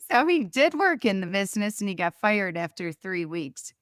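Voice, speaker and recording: A woman in her forties, a business founder as interview guest, telling stories in a lively way and acting out the voices of the people in them. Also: mid-range voice, normal speed, no room sound, clean studio sound. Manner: animated storyteller, acts out quoted voices. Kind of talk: casual interview chat.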